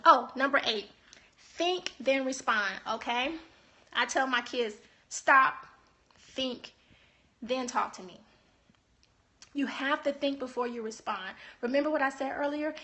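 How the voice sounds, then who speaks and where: High-voiced woman coaching couples. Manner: emphatic, preachy, animated delivery with rhetorical asides. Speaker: marriage coach. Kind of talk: casual teaching talk to viewers.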